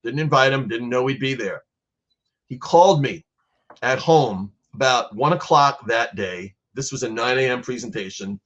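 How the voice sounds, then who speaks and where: A guest artist being interviewed about his art program speaks earnestly and becomes emotional while telling a personal story. His mid-range voice is a bit bright and moves at a moderate pace, and the sound is lo-fi.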